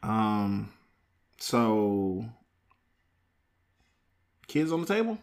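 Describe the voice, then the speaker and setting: A young man hosting a casual podcast chat, teasing his brother and telling lively family stories with plenty of laughter. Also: on the low side, drawn-out words. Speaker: podcast host.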